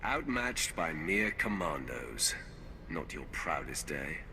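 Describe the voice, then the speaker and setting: A menacing Sith warrior from a video game who talks down to everyone. His voice sits extremely low, gravelly and bright-edged. The delivery swings with scorn. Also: very animated, slow, slight background noise, full character voice. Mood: scornful. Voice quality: gravelly, contemptuous. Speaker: player character in a video game.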